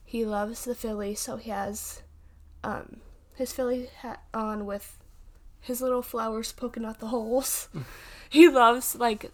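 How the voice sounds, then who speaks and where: Speaking at a measured pace, this woman has a fairly high, fairly even voice. She's in her twenties, investigates the paranormal, and hosts a casual podcast from home, where her chat wanders with lots of fillers and false starts.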